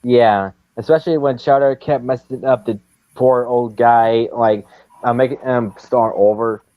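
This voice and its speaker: A man hosting a casual chat, speaking haltingly with many pauses. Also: mid-range voice, steady tone, no echo. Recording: dry, dull lo-fi mic.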